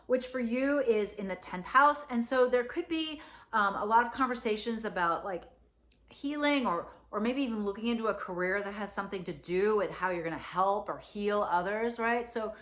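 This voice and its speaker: A woman's voice: medium pitch, normal speed, a bit bright. A woman astrologer giving a casual spoken forecast, chatty, with many fillers and "right?" asides.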